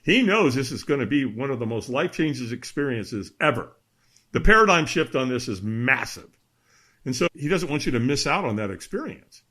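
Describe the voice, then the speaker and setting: A middle-aged man appears as a podcast guest, telling a story with lively energy and acting out the voices of the people in it. His medium-pitched voice is brisk with a breathy edge.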